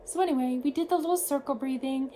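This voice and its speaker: A woman vlogging, casually telling a story to the camera in an animated way, shifting her tone as she retells events. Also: high voice, a little hiss or hum, poor audio.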